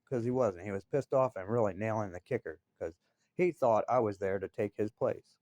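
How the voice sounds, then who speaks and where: A man's voice: fairly low pitch, a little fast, a little mellow, no echo. A man telling a work story in a blunt, heated, profane way. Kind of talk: casual storytelling.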